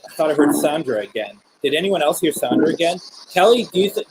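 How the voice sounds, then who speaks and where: A man hosting a live spirit box stream, talking gently with viewers and politely calling on spirits. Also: a little high, expressive, quick pace, a little hiss or hum, poor audio.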